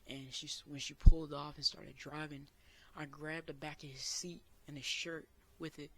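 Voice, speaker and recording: A man's voice: fairly high pitch, little pitch movement, normal speed. Earnest young man telling a story. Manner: earnest, emotional retelling with loud outbursts. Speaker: vlogger. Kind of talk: personal storytelling.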